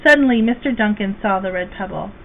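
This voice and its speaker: Woman reading a storybook aloud, tinny sound. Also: mid-range voice. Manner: slow, gentle and expressive. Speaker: guest reader. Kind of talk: children's storybook read-aloud. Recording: tinny phone-like, faint hiss.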